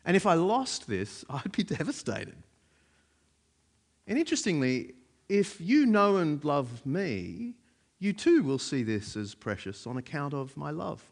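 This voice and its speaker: A man's voice: a little high, big pitch swings, unhurried, creaky. A man preaching a sermon in a conversational way, with frequent fillers.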